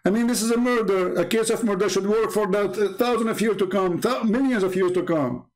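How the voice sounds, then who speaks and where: A man's voice: sits high, fairly quick. A man talking on a live stream as an online religious debater, combative and mocking, repeating himself and laughing at his own jokes.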